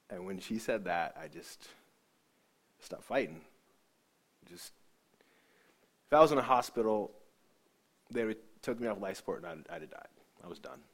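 A man giving an emotional personal testimony. He talks earnestly, often sinks to a soft hush, and restarts his sentences. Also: lowish voice, unhurried, pauses often.

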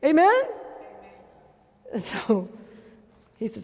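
A woman pastor preaching a sermon, calling out for amens and swinging between loud and hushed delivery. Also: mid-range voice, sing-song, slow pace, pauses often, slightly rough, in a large hall.

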